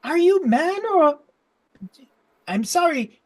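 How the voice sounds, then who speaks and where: Man putting on a squeaky eager gnome. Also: animated, takes it slowly, exaggerated voice. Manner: high, eager and chirpy. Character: excitable male gnome machine worker.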